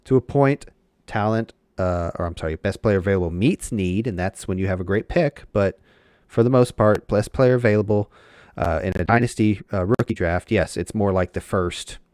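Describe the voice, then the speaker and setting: Deep-voiced man explaining football in casual chat. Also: normal speed, a little mellow, smooth, dry recording, clean studio sound. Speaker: podcast co-host.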